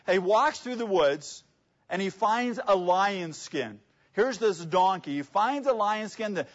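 High-voiced preacher asking questions. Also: male voice. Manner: conversational, asks the audience rhetorical questions. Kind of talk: sermon. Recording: dull lo-fi sound.

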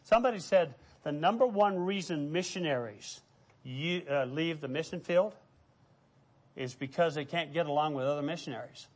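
A man's voice: on the high side, normal speed. A middle-aged man preaching a sermon as pastor, telling stories and acting out the voices of people he quotes.

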